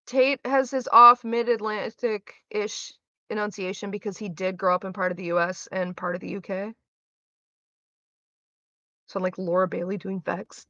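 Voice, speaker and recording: A woman's voice: mid-range voice, steady tone, normal speed, pushed and bright, no room sound. A young woman streaming and reading her chat, rambling, swearing freely and trailing off mid-sentence. The sound is a little dull and lo-fi. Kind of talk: casual chat with a live audience. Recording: slightly dull lo-fi mic.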